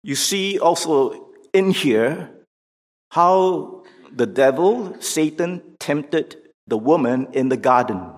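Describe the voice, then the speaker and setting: Male preacher, slow and emphatic, somewhat high voice, big reverberant hall. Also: lively intonation. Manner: emphatic, rising to near shouts on questions, slow and deliberate. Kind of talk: sermon. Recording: long reverb of a large hall.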